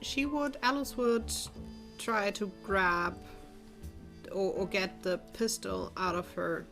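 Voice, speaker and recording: A woman's voice: medium pitch, lively intonation, takes it slowly, over music. A woman player in a tabletop role-play, wry and laughing, thinking aloud about her character's moves.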